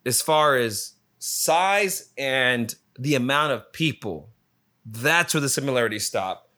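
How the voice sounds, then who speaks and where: A man's voice: mid-range voice, lively intonation, takes it slowly, sharp tone. A man telling a rambling, profanity-filled travel story in a casual, exasperated way. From lives in Phoenix area. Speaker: storyteller recounting a trip.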